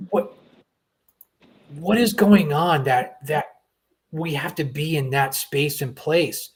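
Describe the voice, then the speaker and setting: A man's voice: medium pitch, fairly bright tone, husky. A middle-aged man hosting a talk show, speaking earnestly and often repeating words as he starts a thought. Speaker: host. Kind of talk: conversational talk show chat.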